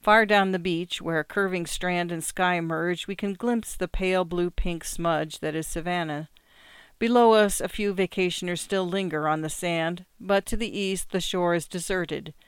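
A reader narrating literary short stories in a calm, measured way. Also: mid-range voice, clean tone, no room sound. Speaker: audiobook reader. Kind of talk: scripted short story narration.

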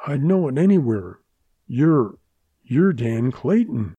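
A man's voice: mid-range voice, big pitch swings, measured pace, vocal fry, slightly rough, no echo, phone-quality sound, full character voice. A man voicing a frightened middle-aged country doctor who stammers and pleads earnestly. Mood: stunned.

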